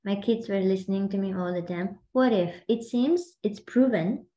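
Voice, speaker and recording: A woman's voice: mid-range voice, normal speed, dark tone, low-quality recording. A woman hosting and coaching a group on a video call, talking in a chatty, rambling way full of fillers. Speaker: host and mindset coach.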